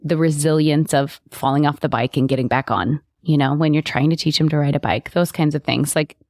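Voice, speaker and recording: A woman's voice: sits low, steady tone, fairly quick, a little mellow, no room sound, clean studio sound. A woman co-hosting a podcast in casual chat, agreeable and building on her partner's points. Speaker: podcast co-host.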